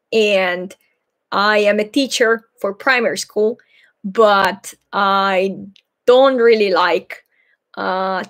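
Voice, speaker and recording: A young woman from Greece speaks English, taking her time over each answer. She hosts a live Q&A in a thoughtful, slightly shy way, pausing often on fillers and speaking at an unhurried, slow pace. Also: mid-range voice, fairly bright tone. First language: Greek. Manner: hesitant, thoughtful, a little shy, many fillers. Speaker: Greek teacher and channel host.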